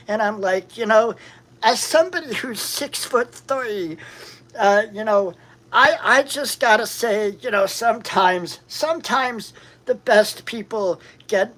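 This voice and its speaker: A woman's voice: a little high, a little slow, a bit bright, rough recording. A woman giving a crude, rambling comic monologue, slipping into quoted voices.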